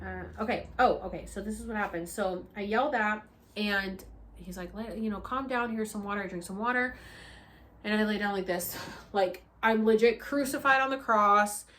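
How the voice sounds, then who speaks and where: A young woman vlogger telling a story casually and animatedly, acting out her own pleas in high, loud bursts and swearing freely. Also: moderate pace.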